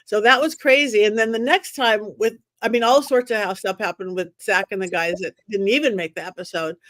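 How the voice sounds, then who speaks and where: A woman guest, a medium, telling her story in an animated way and acting out the voices of the people in it. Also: mid-range voice, brisk, no echo. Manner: expressive, acts out quoted voices.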